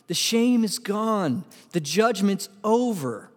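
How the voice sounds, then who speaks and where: A man preaching a sermon as pastor, animated and asking his congregation questions. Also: a little high, normal speed. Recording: long hall reverb.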